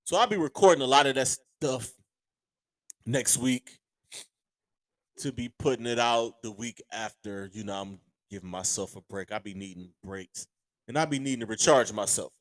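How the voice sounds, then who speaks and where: A man hosting a podcast with a sore throat, ranting casually and profanely about sports, heating up to shouts. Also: mid-range voice, normal speed, dry recording. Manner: profane, heated, rising to shouts. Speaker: podcast host.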